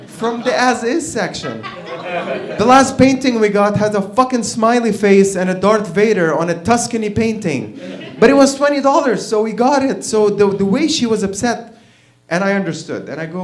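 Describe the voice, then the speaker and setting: A man performing a profane stand-up set, acting out both sides of his stories on a comedy club stage. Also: sits high. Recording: roomy live club sound.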